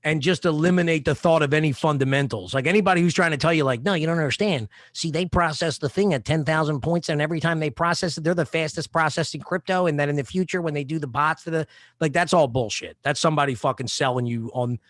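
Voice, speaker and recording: Male podcast co-host, higher voice, dry sound, loose profane rambling. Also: quick pace, no room sound. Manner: rambling, profane, laid-back. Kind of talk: casual chat.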